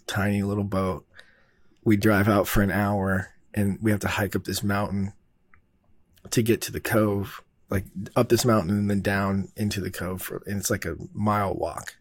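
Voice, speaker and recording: A man tells a production story in a loose, rambling way, with fillers and casual swearing. His voice sits a little low. The recording is dry and close, with no room sound. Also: little pitch movement, normal speed, no echo. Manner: rambling, laid-back, heavy on fillers and swearing. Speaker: filmmaker telling a production story.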